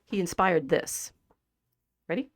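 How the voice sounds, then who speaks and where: A woman hosting a podcast in a casual discussion about literature. She talks in an animated way, laughs often and restarts her sentences. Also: on the low side, slow pace, no room sound, clean studio sound. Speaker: podcast host.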